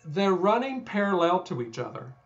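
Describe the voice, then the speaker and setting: A man's voice: high-pitched, big pitch swings, normal speed, lo-fi sound. A man from Texas with a Texan accent, talking through ideas in a thoughtful, self-deprecating way with many fillers and restarts. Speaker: guest scholar. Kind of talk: conversational explanation.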